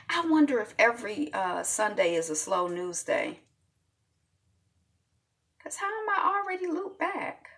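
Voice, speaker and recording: A woman hosting a casual news chat show, chatty, answering viewers and swooping from high exclamations to soft mutters. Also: very animated, a little slow, long pauses. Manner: chatty, reads comments from viewers.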